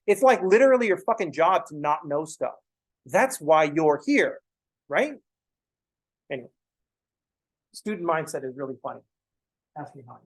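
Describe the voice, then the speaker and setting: A man's voice: on the high side, very animated, normal speed, long pauses, low-quality recording. A young man teaching a college math class in a casual, blunt way, swearing freely and making joking asides to his students. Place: classroom, also streamed online.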